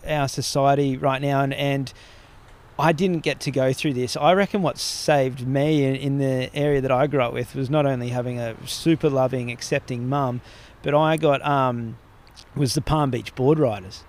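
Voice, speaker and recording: A man's voice: medium pitch, fairly even intonation, normal speed, darkish tone. An Australian man talking as a podcast guest, rambling through stories and swearing freely in casual conversation.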